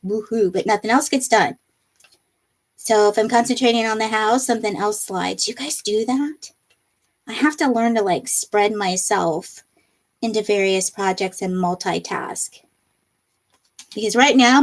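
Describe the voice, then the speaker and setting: A woman hosting a casual live stream, reading viewer comments aloud and laughing often, her nose a little runny. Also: medium pitch. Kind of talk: casual live chat while crafting.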